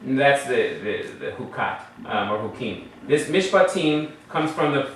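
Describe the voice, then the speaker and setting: A man's voice: mid-range voice, big pitch swings, a little slow, a little hiss or hum. A man teaching a Hebrew class, patiently explaining letters and vowels and quizzing his students. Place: classroom in a congregation building. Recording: very echoey room, mic far off.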